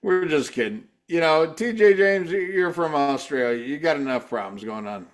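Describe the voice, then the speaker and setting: Man, podcast co-host, casual banter, rambling, stammering, a bit high-pitched. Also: animated, normal speed. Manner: rambling, stammers, laughs often.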